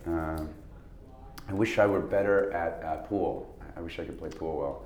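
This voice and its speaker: A man who is an actor and a guest on a show, chatting casually and telling animated stories, stammering and laughing often. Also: deep voice, moderate pace. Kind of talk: casual interview chat. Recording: roomy echo, faint noise.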